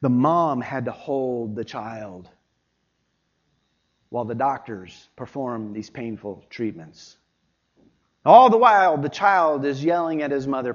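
A pastor preaching a sermon with emphatic delivery, rising loud then dropping low. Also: male voice, expressive, slow pace, pauses often. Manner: emphatic preaching, swinging between loud and quiet. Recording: dull lo-fi sermon recording.

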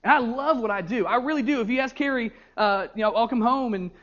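A young male youth pastor preaching a sermon, his voice sitting high for a man. He tells stories with animated energy and often stumbles over repeated words. The recording is dull and lo-fi. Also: quick pace.

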